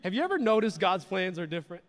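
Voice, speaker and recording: A man's voice: high-pitched, big pitch swings, quick pace. Preaching man in a reverberant hall. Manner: conversational, repeats words, asks the crowd questions. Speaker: pastor. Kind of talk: sermon. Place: church hall.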